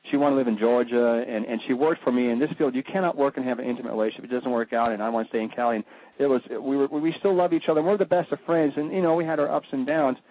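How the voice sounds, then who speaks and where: A man's voice: fairly even intonation, fast. A man chatting flamboyantly on a radio show, joking and breaking into mock voices. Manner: flamboyant, jokey, swoops into high mock voices. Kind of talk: animated talk-radio chat. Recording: dull lo-fi radio audio.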